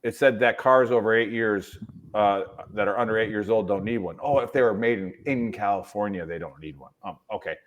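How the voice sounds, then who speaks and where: A man's voice: fairly low pitch, a little fast, lo-fi sound. A male veteran on a casual podcast telling a story with emphasis, often adding "right?" to push his points. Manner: emphatic, rhetorical "right?" tags.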